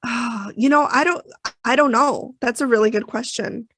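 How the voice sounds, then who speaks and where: A woman's voice: a little high, moderate pace, a bit bright, slight background noise. A woman co-hosting a podcast, recapping an episode in emotional, chatty talk full of fillers and restarts. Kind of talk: casual chat.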